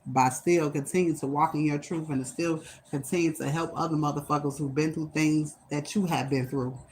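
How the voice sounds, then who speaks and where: A woman's voice: low voice, steady tone, moderate pace, darkish tone, a little hiss or hum. A woman giving a spiritual reading on a livestream, blunt and emphatic, cursing heavily, and often close to tears. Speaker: spiritual reader.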